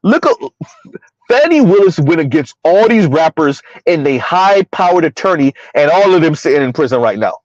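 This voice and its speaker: Rhetorical man in a lively livestream rant. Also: brisk, hardly any pauses, no room sound. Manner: rhetorical, keeps asking "Right?", swings pitch up when incredulous. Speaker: livestream commentator reading viewer chat. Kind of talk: casual reaction livestream commentary. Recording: dry, slightly dull lo-fi audio.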